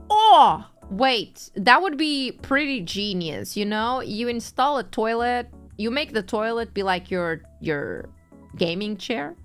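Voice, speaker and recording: A young woman streamer in a casual chat stream, reading chat and answering in a playful, teasing way, laughing often. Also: a little high. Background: faint background music.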